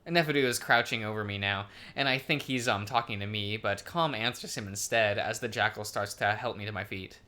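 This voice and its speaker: Bright-voiced hesitant let's play host. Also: male voice, lowish voice, brisk, hardly any pauses. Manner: hesitant, many ums and uhs, giggly. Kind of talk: reading a visual novel aloud, casual chat.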